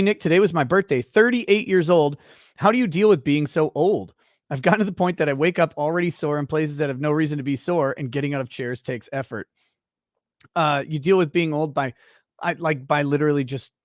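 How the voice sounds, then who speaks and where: A man's voice: on the high side, no room sound, studio quality. A man hosting a livestream, casually reading viewer comments aloud with wry asides. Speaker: host.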